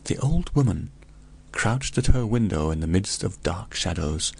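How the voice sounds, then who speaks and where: A man reading a gothic tale aloud in the first person, in a measured, solemn way. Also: lowish voice. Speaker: audiobook narrator.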